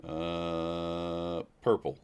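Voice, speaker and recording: Low-voiced man musing over live charts. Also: completely flat delivery, drawn-out words, darkish tone, clear, resonant tone. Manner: casual, thinking aloud, chatting with viewers. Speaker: livestreaming futures trader. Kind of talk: live market commentary.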